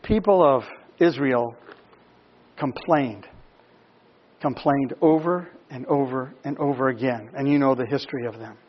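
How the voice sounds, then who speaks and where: A man's voice: medium pitch, unhurried, pauses often, muffled recording. A man preaching a sermon, reading scripture and pressing his listeners with repeated questions. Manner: rises from quiet explanation to emphatic questioning. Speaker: pastor.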